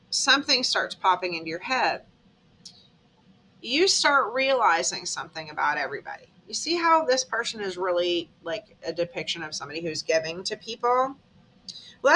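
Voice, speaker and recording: A woman's voice: fairly high pitch, pushed and bright. A woman giving a casual tarot reading, telling it as a dramatic story and checking in with "okay?" along the way. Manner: chatty, dramatic storytelling, tag questions like "okay?". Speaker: tarot reader.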